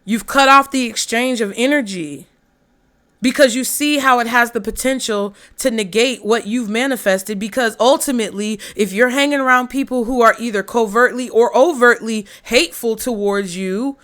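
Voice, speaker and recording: A woman giving a casual tarot reading to camera, talking in a blunt, profane and animated way. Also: fairly high pitch, normal speed. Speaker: tarot reader.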